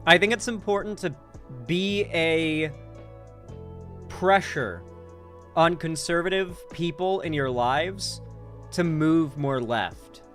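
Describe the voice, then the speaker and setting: A man's voice: on the high side, slow, long pauses, fairly bright tone, faint music behind. A man doing casual live-stream commentary, rambling with lots of "like" and swearing freely.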